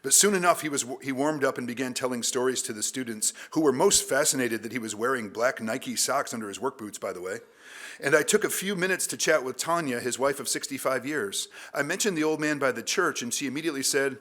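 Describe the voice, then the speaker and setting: Reading from his conference paper, a male literature professor keeps a measured, academic pace and now and then adds an offhand aside. His voice is mid-range with a fairly bright tone.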